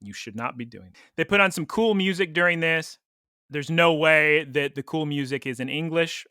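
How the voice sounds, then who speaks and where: A man's voice: fairly high pitch, moderate pace, pushed and bright, smooth, no echo, clean studio sound. A man co-hosting a podcast, recapping a cartoon episode in casual, opinionated chat and laughing often. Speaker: podcast co-host.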